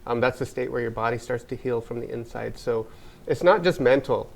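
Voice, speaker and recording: A man's voice: mid-range voice, fairly quick, creaky. An American man, a wellness spa owner, talking earnestly in a casual interview, rambling with many fillers and restarts.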